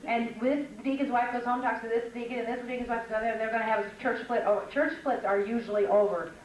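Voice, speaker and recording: Speaking fast in a slightly high voice with fairly even intonation, an older woman delivers a chatty, funny teaching talk full of stories to a women's conference. The mic is far away in an echoey hall, and there's slight background noise.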